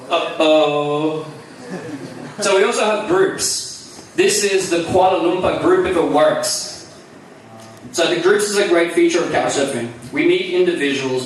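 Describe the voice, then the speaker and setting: Aussie guy giving a talk, fast and jokey, big booming hall, faint room noise. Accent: Australian. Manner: chatty, self-deprecating, enthusiastic. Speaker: speaker. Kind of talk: live conference talk. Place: large hall. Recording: echoey hall, mic from far off.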